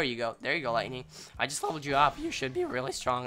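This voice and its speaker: Bright-voiced young man narrating gameplay. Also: mid-range voice, fast, faint music behind. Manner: rambling, apologetic, bursts into excited yelling. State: slightly sick, clearing throat. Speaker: gameplay commentator. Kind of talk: casual let's-play commentary.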